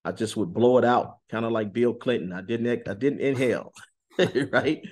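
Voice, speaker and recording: A man giving an earnest, intense testimony in a sit-down interview, slowing on key words and rising suddenly in pitch and volume. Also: a little mellow. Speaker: interview guest.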